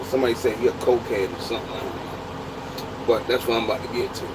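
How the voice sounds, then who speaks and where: A truck driver telling a story in casual, profane, laughing talk. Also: male voice, medium pitch, steady tone, quick pace, background noise. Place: inside a truck.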